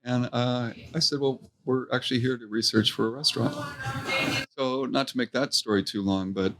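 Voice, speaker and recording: A middle-aged man telling stories from his restaurant career in a casual interview, animated and quoting people as he goes. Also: mid-range voice, moderate pace, crowd noise. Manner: animated anecdote-telling, acts out quotes. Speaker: restaurant co-owner, guest.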